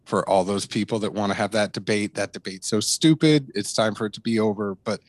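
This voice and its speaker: A man's voice: lowish voice, fairly quick, dry recording. A man from Massachusetts with a mixed, faintly New England accent, telling stories as a podcast guest in casual interview chat with self-deprecating humor. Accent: mixed, faint Massachusetts trace. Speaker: podcast guest, bourbon content creator.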